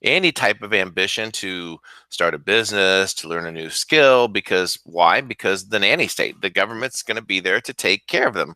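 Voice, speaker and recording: Low voiced guy cohost, super bright sharp tone, opinionated, dry studio sound. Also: expressive, normal speed, hardly any pauses, dry recording. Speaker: co-host. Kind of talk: political talk show banter.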